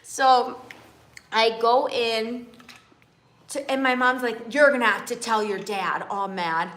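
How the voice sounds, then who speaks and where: A woman's voice: a little high, steady tone, slow, fairly bright tone. A woman hosting a livestream, telling a personal story in a chatty way and often checking in with her viewers. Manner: chatty, keeps checking in with viewers ("okay?", "you guys"). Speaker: livestream host. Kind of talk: casual storytelling to a live audience. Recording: roomy echo.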